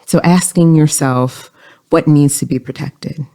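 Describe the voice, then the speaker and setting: Podcast host, mellow and a bit gravelly, calm coaching delivery. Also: medium pitch, measured pace. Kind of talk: self-help podcast talk.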